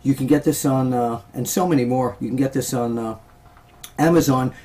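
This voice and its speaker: A man hosting a casual wrestling interview, halting often with filler sounds. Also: mid-range voice, warm tone. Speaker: interview host.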